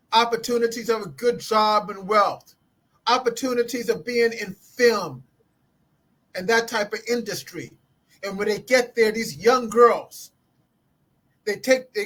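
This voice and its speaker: A man's voice: very high voice, fairly bright tone. An older man speaking as a podcast guest in impassioned commentary, emphatic and preachy, often repeating words.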